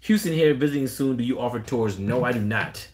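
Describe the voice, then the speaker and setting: A man, a dog breeder answering questions on a casual live stream, blunt and animated, quoting callers in a raised voice. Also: mid-range voice, a little fast.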